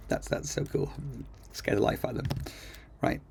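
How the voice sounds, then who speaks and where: A man casually walking through a screen-recorded coding tutorial, chatty and enthusiastic, thinking aloud with lots of ums. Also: measured pace. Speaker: coding teacher. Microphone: computer mic while screen recording.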